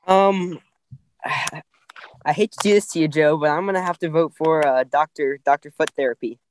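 A man calling in to a comedy podcast, speaking hesitantly with lots of ums and halting starts. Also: fairly high pitch, steady tone, a little hiss or hum. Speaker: caller. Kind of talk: call-in chat.

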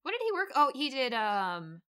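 A woman co-hosting a podcast in casual chat, playful and quick to chime in with jokes. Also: high-pitched, very animated, sharp tone, clear, resonant tone. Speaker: podcast co-host.

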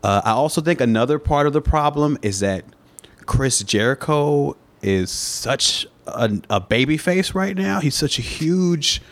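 Measured, thoughtful male co-host. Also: a little high, expressive. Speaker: podcast co-host. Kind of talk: casual wrestling podcast chat.

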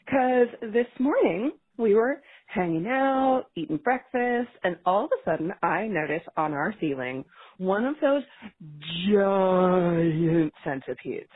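Husky woman caller on a tinny phone line. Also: medium pitch, no room sound. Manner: profane, expressive storytelling. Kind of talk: casual phone-in story.

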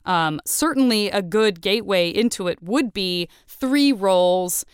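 Effusive woman podcast host, smooth voice. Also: medium pitch, animated, unhurried, dry recording, studio quality. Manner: effusive, enthusiastic. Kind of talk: casual podcast interview.

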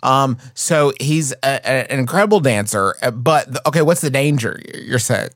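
Animated joking man on a podcast. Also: mid-range voice, normal speed, no echo, clean studio sound. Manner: animated, joking, talks in bits. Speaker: podcast co-host. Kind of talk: casual comedic chat.

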